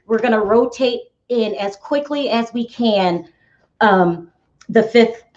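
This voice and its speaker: A woman hosting a casual gossip show, chatty and full of exclamations, talking straight to her viewers. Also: medium pitch. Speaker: YouTube gossip show host. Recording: echoey room, dull sound.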